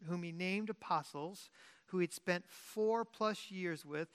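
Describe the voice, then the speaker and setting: A pastor delivering a sermon as an informal teaching talk. The voice swings from loud, pressing emphasis down to quiet, low-key asides. Sentences often restart and get corrected mid-thought. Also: takes it slowly, clear, resonant tone.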